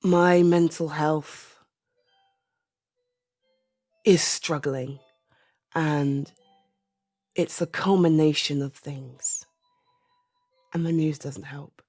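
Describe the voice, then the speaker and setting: A British woman in her thirties, an audio creator, giving a soft-spoken personal opinion monologue, halting and often trailing into a whisper. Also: low-pitched, steady tone, dry recording, studio quality, soft background music. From Britain. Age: 30s.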